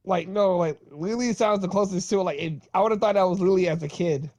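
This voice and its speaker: A woman's voice: on the low side, brisk, dark tone, no echo. A woman co-hosting a casual podcast, laughing easily and stumbling over her words. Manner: laughs easily, stammers and restarts. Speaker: podcast co-host. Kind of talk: casual chat.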